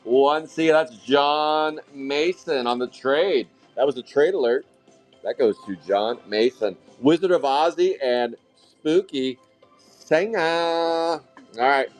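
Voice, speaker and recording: Excitable man hosting a card break. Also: a little high, slow pace, soft background music. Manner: hype-driven, excitable calling of card pulls, casual swearing. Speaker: trading card break host. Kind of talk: live card-break stream commentary.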